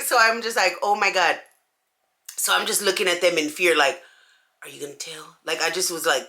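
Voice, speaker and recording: A woman chats through a story while she puts on her makeup, and her pitch jumps up and down as she acts out every line people said. Her voice is bright and sharp, and her talk is casual and full of slang. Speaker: beauty vlogger.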